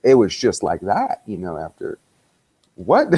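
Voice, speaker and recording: Podcast guest, middle-aged man, lowish pitch, animated storyteller who quotes dialogue and laughs a lot. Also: measured pace, husky, rough recording. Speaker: podcast guest, visual effects artist. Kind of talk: casual storytelling interview.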